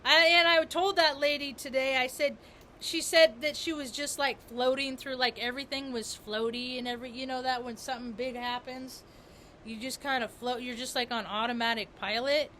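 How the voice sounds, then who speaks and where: A woman's voice: sits high, steady tone, moderate pace, bright, forceful tone, a little hiss or hum. A woman vlogger talking in a rambling spiritual monologue, repeating and restarting her words with emphasis.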